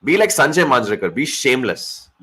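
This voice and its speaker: A man's voice: mid-range voice, sing-song, a little fast, bright, forceful tone, breathy edge. A man co-hosting a live cricket watch-along, chatting casually, joking and teasing his co-host while calling the play. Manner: joking, swears freely, teases co-host. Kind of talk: casual live-stream chat and commentary.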